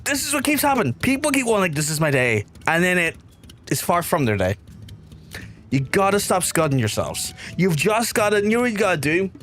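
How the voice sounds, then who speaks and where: A man from Belfast with a softened Belfast accent, streaming a game and chatting casually with viewers in a rambling way, repeating phrases and swearing now and then. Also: high-pitched, sing-song, brisk. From Belfast, Northern Ireland. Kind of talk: casual livestream chat with viewers.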